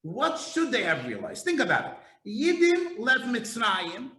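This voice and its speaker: A man preaching a sermon as a rabbi, passionate, dropping to quiet asides and climbing to near shouts. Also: very high voice, very animated, a little slow, few pauses. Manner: impassioned, swings from hushed to shouting. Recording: roomy echo.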